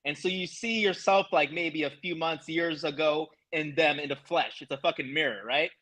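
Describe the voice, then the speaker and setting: Emphatic high-voiced male host, motivational, profane, casual chat. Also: normal speed, pushed and bright, low-quality recording. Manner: emphatic, motivational, profane, calls listener bro.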